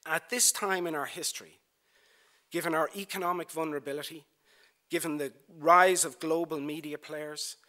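A man delivers a formal prepared speech at a lecture podium. His voice is bright and forward, set a little higher than most men's. He moves at a measured pace through rhetorical lists, repeating key phrases for emphasis. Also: fairly even intonation. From Ireland. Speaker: broadcasting executive giving a lecture. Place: university lecture theatre.

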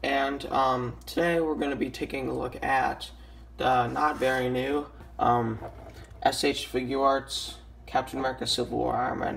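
A young man with a raspy, just-woken-up voice, casually reviewing a toy with lots of ums and restarts. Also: medium pitch, level tone, moderate pace, a bit bright, slight background noise. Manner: hesitant, many ums and restarts.

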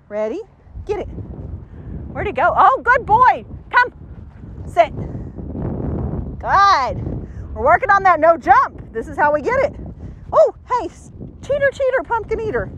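High, lively woman dog trainer. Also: highs cut off, a little hiss or hum. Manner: upbeat, giving quick commands and praise to a dog. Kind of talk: commentary during a dog training session. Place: outdoors near trees.

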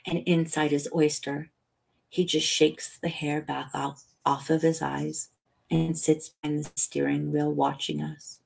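Low, gravelly woman reading a bedtime story. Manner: calm, unhurried reading with lifted voices for quoted characters. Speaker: audiobook reader.

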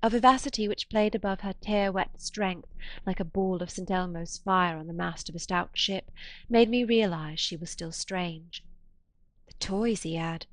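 Quiet woman reading a novel. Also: lowish voice, normal speed, dry recording. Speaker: audiobook narrator. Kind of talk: literary audiobook narration.

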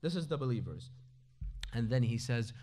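A man's voice: medium pitch, animated, moderate pace, mellow. A man giving a Ramadan religious lecture at an Islamic centre, moving between recited Arabic sayings and English explanation with rhetorical questions.

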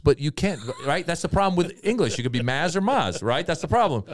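Male comedian guest, animated storyteller, lively pitch, dry studio sound. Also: dry recording. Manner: animated storyteller, restarts and quick asides. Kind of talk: casual comedic chat.

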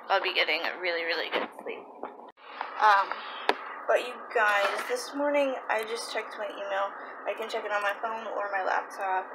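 A young woman talking casually to camera in a home vlog, chatty and pausing to search for words. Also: mid-range voice. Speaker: vlogger. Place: home, kitchen. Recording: noisy home ambience.

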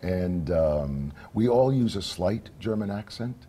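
Deep-voiced actor with halting speech. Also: male voice, slightly rough. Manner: relaxed, halting, frequent "uh"s. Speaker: stage actor guest. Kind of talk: TV studio interview. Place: TV news studio.

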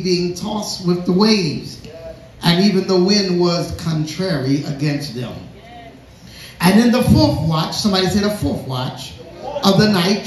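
A man preaching a sermon in a church. He reads scripture, repeats words for emphasis and calls on the congregation to respond. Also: high voice. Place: church sanctuary. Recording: echoey church hall.

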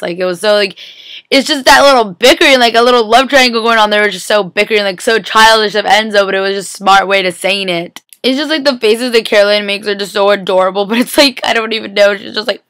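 A woman's voice: medium pitch, a bit bright, clear, resonant tone, no room sound. A young woman vlogger rambles through a TV episode recap late at night, sleepy and giggly, saying "like" constantly, recorded on a laptop webcam. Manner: rambling, giggly, heavy use of "like". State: sleepy, filming at four a.m. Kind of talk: casual chatty recap. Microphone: laptop webcam mic.

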